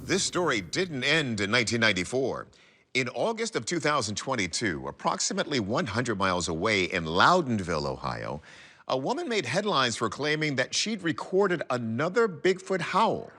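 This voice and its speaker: Speaking at a normal pace and medium pitch, this male documentary host delivers scripted lines dramatically. His intonation is lively, and music plays beneath the voice-over.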